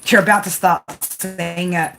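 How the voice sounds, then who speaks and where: Music plays behind a woman giving a tarot reading at a measured pace, her fairly low voice held to a fairly even intonation. Swearing nonstop and ending lines with "right?", she bluntly scolds her listeners in this home recording with clear background noise.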